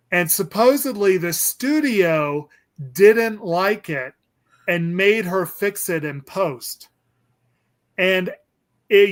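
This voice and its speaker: A man's voice: high-pitched, a bit bright. A man hosting a casual movie discussion, rambling and hesitant with lots of ums and restarts. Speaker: podcast host.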